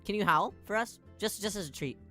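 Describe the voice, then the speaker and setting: A woman's voice: mid-range voice, animated, brisk, bright, forceful tone, faint music behind. A woman hosting a stream as an idol, asking playful questions and giggling often. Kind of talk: casual chat.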